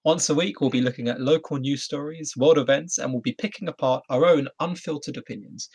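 A man's voice: medium pitch, a little fast, breathy edge. A young man hosting a casual podcast chat with friends, laughing often as he talks. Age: young adult. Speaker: podcast host.

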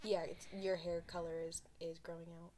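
A young married woman co-hosting a casual chat, talking freely and often dropping to a quiet aside. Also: on the low side, flat delivery, normal speed. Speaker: podcast co-host.

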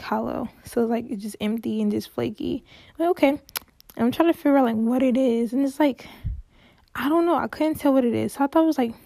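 A young woman hosts her own show and tells a story with chatty fillers and sudden dramatic exclamations. Her voice is a little high, with a mellow, gravelly tone. The sound is close and dry. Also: no room sound. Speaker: podcast host. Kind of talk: casual storytelling monologue.

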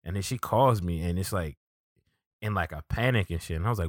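Laid-back man telling stories, low voice. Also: a little fast, no room sound, studio quality. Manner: laid-back storytelling with many "like" fillers. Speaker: podcast co-host. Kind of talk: casual chat.

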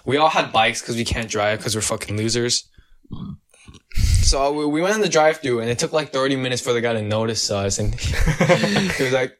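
A man's voice: medium pitch, lively intonation, moderate pace, fairly bright tone. A teenage boy in casual chat, telling a rambling story full of slang and swearing. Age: teens.

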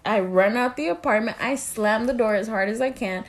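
Animated young woman telling a story. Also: on the high side, brisk. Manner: animated, profane, acts out quotes loudly. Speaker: podcast co-host. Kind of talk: casual storytelling chat.

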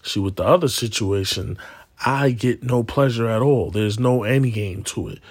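Husky man telling slangy stories. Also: mid-range voice, normal speed, no room sound, clean studio sound. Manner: loose slangy storytelling, animated quoted voices. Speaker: podcast host. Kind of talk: casual monologue.

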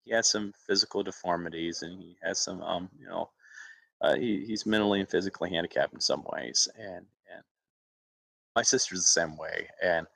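A man's voice: sits low, creaky, fairly bright tone, no echo. A man from Alabama, an actor, telling personal stories in a casual interview. He laughs often and acts out other people's voices.

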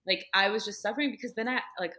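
A woman's voice: medium pitch, rapid-fire, sharp tone. A woman talking casually about her faith, telling earnest personal stories and filling her speech with "like". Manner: earnest storytelling, heavy use of "like".

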